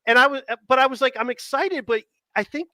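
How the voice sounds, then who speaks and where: A man's voice: very high-pitched, steady tone, fast talker, pushed and bright, no room sound. A man co-hosting a sports podcast in casual chat, rambling and asking long, winding questions. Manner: acts out quoted dialogue. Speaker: podcast co-host.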